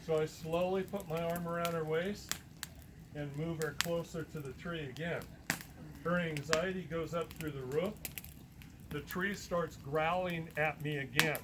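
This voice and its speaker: A man telling a long personal story in a talk, animated and acting out the voices of the people he quotes. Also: a little high, unhurried, noisy background. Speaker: guest speaker.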